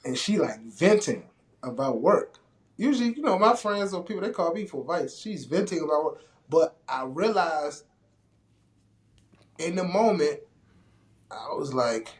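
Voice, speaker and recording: Man, casual podcast chat, storytelling, slightly high voice. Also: normal speed, echoey room. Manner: storytelling, relaxed and conversational. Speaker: podcast co-host. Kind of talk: casual conversation.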